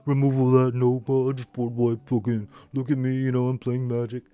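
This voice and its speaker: A man's voice: medium pitch, flat delivery, a little fast, dark tone, smooth, no room sound, pitched above the performer's own voice, lightly acted. A man putting on the voice of a smug, gloating male card-game opponent in a mocking sing-song.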